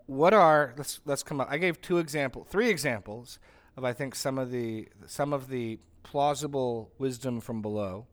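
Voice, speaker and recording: A man's voice: mid-range voice, moderate pace. A middle-aged man leading a Bible study as its pastor, conversational and full of restarts and asides while teaching a group.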